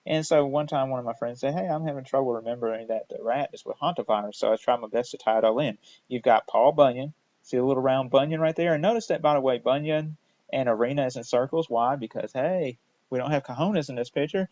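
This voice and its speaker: A man's voice: mid-range voice, brisk, darkish tone, no room sound. Casual joking male lecturer, lo-fi. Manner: casual, jokey, constant "all right?" check-ins. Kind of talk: recorded lecture. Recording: dull lo-fi dry recording.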